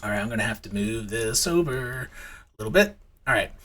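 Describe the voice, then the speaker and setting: A man's voice: animated, a little fast, a bit bright. A man in his thirties, host of a trading channel, telling stories and then talking through charts in a rambling way full of fillers and restarts. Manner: acts out his kids' voices in high squeals. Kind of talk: casual storytelling and chart commentary.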